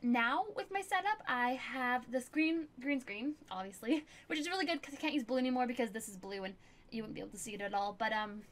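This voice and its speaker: A woman's voice: a little high, brisk, a bit bright. A young woman streamer chatting casually while answering viewer questions, full of fillers and laughter. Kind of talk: casual chat.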